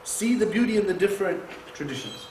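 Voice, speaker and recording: A man giving an animated sermon at a mosque, asking rhetorical questions and quoting Arabic scripture. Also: sits high, fast. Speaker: mosque speaker. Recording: echoey room with faint noise.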